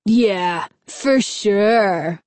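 A woman's voice: on the high side, very animated, takes it slowly, a little mellow, dry recording, exaggerated voice. A woman voicing a sarcastic, rowdy boy who snickers, in a storybook reading. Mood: mocking.

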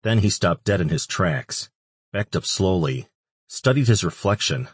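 Deep husky guy reading an audiobook, dead dry close sound. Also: lively intonation, measured pace, no room sound. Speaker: audiobook narrator. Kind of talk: scripted narration.

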